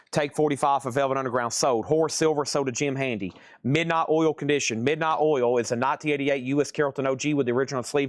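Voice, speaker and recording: A man hosting a live-streamed record sale, rattling off titles, prices and conditions in quick auction patter. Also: mid-range voice, no echo, studio quality. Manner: rapid-fire listing of prices and conditions.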